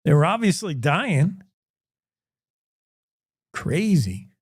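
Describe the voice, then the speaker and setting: A man's voice: fairly high pitch, sing-song, extremely slow, slightly rough, no room sound, clean studio sound. A man hosting a radio show, casually retelling a news story in a joking, rambling way with self-corrections. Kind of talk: casual chat.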